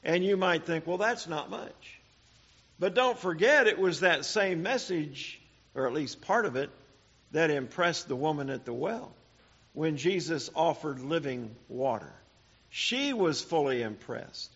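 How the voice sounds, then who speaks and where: Slow, high-voiced male Bible teacher. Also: big pitch swings, fairly bright tone, husky, highs cut off. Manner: slow, deliberate delivery with frequent "uh" pauses and rhetorical questions. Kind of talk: Bible study sermon.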